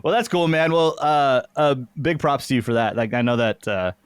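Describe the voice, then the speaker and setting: A man's voice: medium pitch, expressive, normal speed, clean tone, no room sound. Easygoing male podcast host, dry mic. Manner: easygoing, with filler ums and uhs. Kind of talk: casual interview chat.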